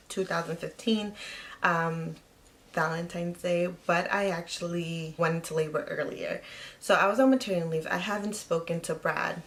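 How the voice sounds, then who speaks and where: A young woman vlogger telling a personal story in casual, chatty speech, full of filler words. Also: lowish voice.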